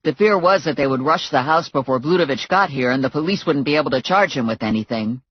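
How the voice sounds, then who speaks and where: A steady, capable security man, as a woman narrator plays him explains things in a low, even voice. Nothing rushes him. The recording is dry and slightly muffled. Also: breathy edge, no echo. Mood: calm. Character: calm, capable male security expert.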